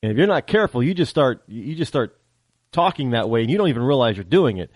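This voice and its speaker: Animated rambling man hosting a podcast. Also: medium pitch, quick pace, no echo. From northern United States. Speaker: podcast host. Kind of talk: casual monologue.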